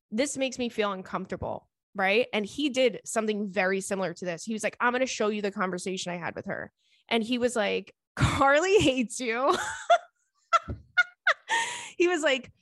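A young woman chats on her podcast, reading out listener letters and firing back with animated, indignant remarks. Her voice sits a little high, and the recording is close and dry, with no room sound. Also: no echo. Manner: animated, indignant, swears freely. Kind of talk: casual podcast chat.

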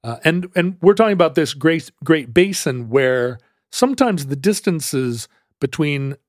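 This male co-host has a fairly high, animated voice and takes his time, telling a history story on a podcast in a loose, rambling way. He restarts often and leans on fillers, captured in dry, studio-quality sound.

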